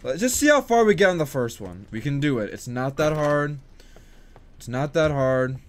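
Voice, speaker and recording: A man's voice: fairly high pitch, lively intonation, normal speed, soft background music. A man giving casual commentary on a video game, hyped and talkative, rallying his viewers and goofing around. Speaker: gaming streamer.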